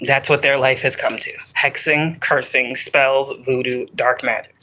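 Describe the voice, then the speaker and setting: A woman's voice: a bass voice, fairly even intonation, measured pace, sharp tone, slight background noise, poor audio. A woman doing a psychic tarot reading for her viewers in a casual, rambling way, swearing often and pressing her points hard. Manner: profane, rambling, emphatic.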